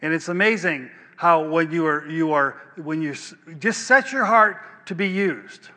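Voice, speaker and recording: A man's voice: fairly high pitch, unhurried, bright, forceful tone. An older man preaching a sermon as pastor, talking in a conversational way, repeating words and checking in with the listeners. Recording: long hall reverb.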